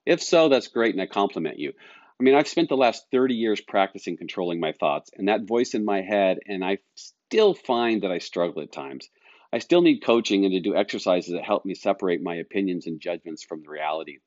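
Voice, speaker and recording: Middle-aged male life coach hosting his own podcast; deep, calm, earnest delivery, recorded dry and a bit dull. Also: fairly quick, no room sound. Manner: calm, earnest, explaining with everyday examples. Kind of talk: solo podcast talk.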